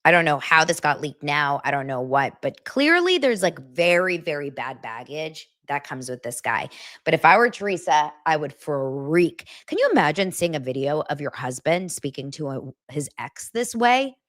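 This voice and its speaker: Low-voiced chatty gossip vlogger woman. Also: big pitch swings, moderate pace, fairly bright tone. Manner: chatty, addresses viewers directly. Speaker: celebrity gossip host. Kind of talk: casual gossip vlog.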